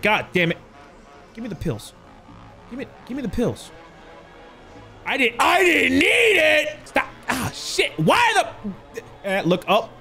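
A man's voice: on the high side, a bit bright. A young man playing a horror game, jumpy and swearing as he talks to his chat. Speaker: gaming youtuber. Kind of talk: horror game let's play commentary.

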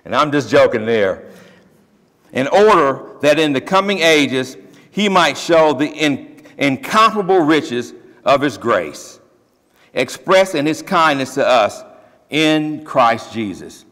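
A man preaching a sermon as pastor, emphatic and lively with joking asides, then leading a closing prayer. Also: a little high, slow. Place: church sanctuary. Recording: long reverb of a church hall.

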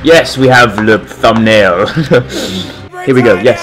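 A young man giving excited gameplay commentary, swearing, laughing and shouting orders. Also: medium pitch, takes it slowly, music in the background. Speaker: gaming video host.

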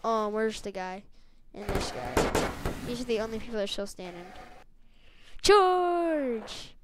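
Breathless narrator making sound effects. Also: female voice, mid-range voice, fairly even intonation, a little fast. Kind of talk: excited gameplay narration. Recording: loud background noise.

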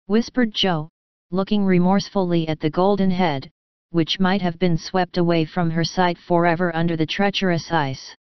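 Smooth low-voiced woman narrating a classic. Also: fairly even intonation, moderate pace, dry recording, highs cut off. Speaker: audiobook narrator. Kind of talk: scripted storybook narration.

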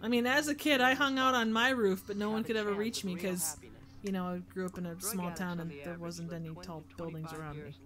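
A woman's voice: lowish voice, fairly even intonation, a little fast. A woman in casual comedic commentary, reacting with giggles and exclamations.

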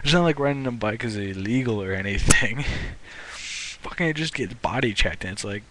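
A man's voice: medium pitch, expressive, normal speed, fairly bright tone. A young man ranting into the camera as a vlogger, swearing a lot and often restarting his sentences. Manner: profane and indignant, restarting often. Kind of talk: ranting commentary.

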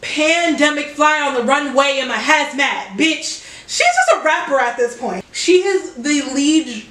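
Young woman w a high voice reacting to a song, loud excited outbursts, echoey room w faint music. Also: unhurried. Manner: excitable, exclaiming and swearing, cheering at the song. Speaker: reaction video creator. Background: music playing from a speaker.

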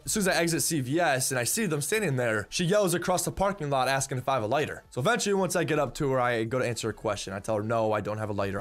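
A young man telling a story in a casual, rambling way, often repeating words and swearing bluntly. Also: medium pitch. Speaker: vlogger.

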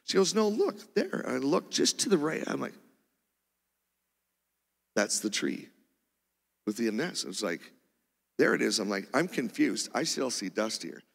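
A man preaching, telling a testimony story in an animated way with loud bursts of exclamation. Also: medium pitch, a little slow, creaky, pauses often, slightly rough. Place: church sanctuary. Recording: reverberant church hall.

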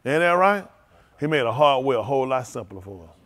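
A man preaching a sermon with a conversational, street-plain way of talking. His voice drops to low, quiet asides, then climbs high and loud when he gets worked up. His pitch sits in the middle range for a man. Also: sing-song, brisk. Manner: speaks in informal, vernacular English. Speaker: pastor.

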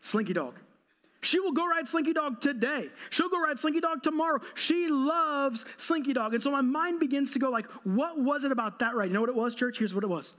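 A pastor in his thirties speaks with a strikingly high voice for a man. He preaches a sermon by telling a humorous, self-mocking story, and speaks with a storyteller's timing. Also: animated, a little fast, fairly bright tone. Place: church.

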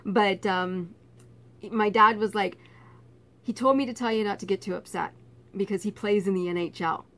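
A middle-aged woman from Canada telling a personal story in a casual vlog, laughing often and getting animated. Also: medium pitch, normal speed. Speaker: vlogger.

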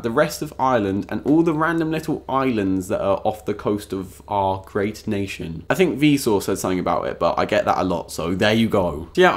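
Sarcastic young vlogger, man. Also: mid-range voice. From England. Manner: sarcastic, jokey, with quick bursts of put-on voices. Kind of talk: comedic vlog monologue.

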